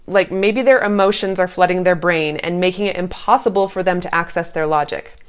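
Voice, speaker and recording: A woman's voice: lowish voice, fairly quick, smooth. Earnest, reassuring woman coaching parents. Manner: earnest, reassuring, acts out sing-song parent quotes. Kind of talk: casual advice talk.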